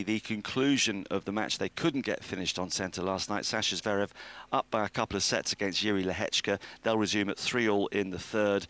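Radio host guy, low-ish voice, brisk and jokey, reading out the schedule. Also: fairly bright tone. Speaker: radio presenter. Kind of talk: sports radio chat and preview.

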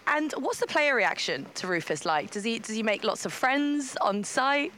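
A woman reporter with a lively, animated voice that swings up and down as she asks her questions. Her manner is friendly and polished, like a broadcast presenter. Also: a little high, moderate pace. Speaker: sports reporter interviewing a guest. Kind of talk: upbeat broadcast interview.

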